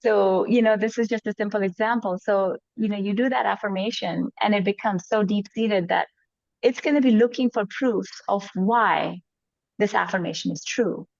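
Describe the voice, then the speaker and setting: A woman's voice: mid-range voice, moderate pace, gravelly, dry recording. A woman explaining a personal practice in loose, casual conversation, with lots of "like" and "you know". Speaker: group member sharing a practice. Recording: dull, dry lo-fi sound.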